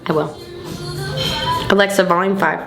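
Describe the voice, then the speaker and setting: A woman's voice: lowish voice, steady tone, normal speed, gravelly, echoey room, over loud music. A tipsy young woman rambling loosely through a get-ready-with-me vlog, slangy and full of swearing. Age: young adult. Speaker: beauty vlogger.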